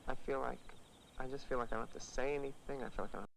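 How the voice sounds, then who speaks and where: A bashful young suitor, soft-spoken and a little gravelly, in a film clip. He talks outdoors on a porch with faint country ambience behind him. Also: medium pitch, steady tone, racing, a little hiss or hum. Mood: tender.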